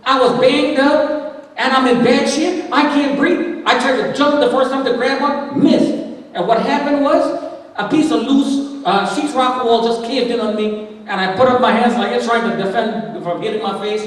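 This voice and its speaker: A man giving an impassioned testimony sermon, moving between loud calls and hushed speech. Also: very high-pitched, normal speed. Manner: impassioned, shifting from shouting to hushed. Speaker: guest speaker. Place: large church hall. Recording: echoey hall from far off.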